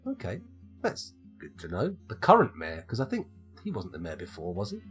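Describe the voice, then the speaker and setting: A man's voice: sits low, wildly swooping pitch, normal speed, soft background music. A man from the UK streaming a game live, rambling and chatting with his viewers and joking at his own expense. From United Kingdom. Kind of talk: live gameplay commentary.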